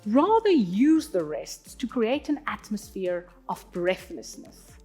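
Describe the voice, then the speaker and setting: A woman, an opera singer, giving a clear, teacherly singing lesson and sounding out Italian words as she explains. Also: mid-range voice, sing-song, slow, warm tone, faint music behind. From South Africa. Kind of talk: instructional talk on singing.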